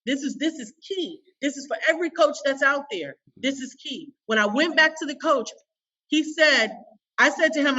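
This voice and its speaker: A woman's voice: high-pitched, moderate pace, bright, forceful tone, distant mic, highs cut off. A woman coach telling a personal story on a podcast in an emphatic, emotional, folksy way. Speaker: business coach guest.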